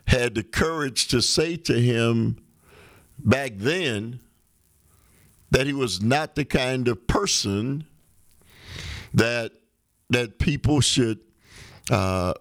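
A man hosting a talk radio show, giving an unhurried, conversational political monologue with rhetorical questions. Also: medium pitch, no echo, studio quality.

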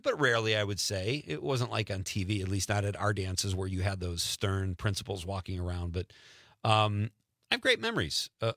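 A man's voice: lowish voice, sharp tone, dry recording. A man in his fifties from Wisconsin hosting a casual radio talk show, chatty and laughing often into a studio mic.

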